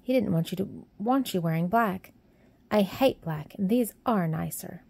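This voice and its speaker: A woman's voice: medium pitch, lively intonation, unhurried, vocal fry, a little mellow, slightly rough, no room sound, full character voice. A woman voicing a cheerful, plump young Yorkshire housemaid who talks in a friendly, plain-spoken way. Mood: gentle.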